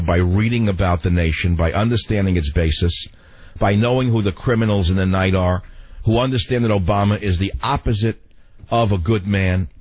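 A man hosting a radio talk show, ranting in an animated, exasperated way into a studio mic. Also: fairly low pitch, breathy edge, dry recording.

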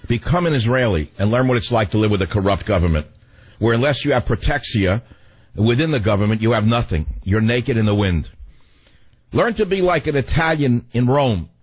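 A man's voice: expressive, a little fast, breathy edge, rough recording. A man hosting a radio talk show, delivering a sarcastic, ranting monologue. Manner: sarcastic, ranting, sweeping pitch swings.

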